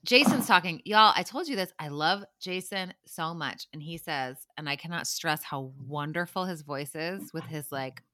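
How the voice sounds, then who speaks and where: A woman co-hosting a podcast, recapping a reality show in animated casual chat and laughing often. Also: low voice, normal speed, hardly any pauses.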